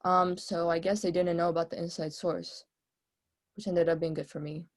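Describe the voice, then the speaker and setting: A woman's voice: on the low side, steady tone, moderate pace, lightly acted. A woman playing a brash bank robber witness. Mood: offhand. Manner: casual, streetwise, offhand. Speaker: witness in a mock trial. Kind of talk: mock trial role-play testimony. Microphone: video call.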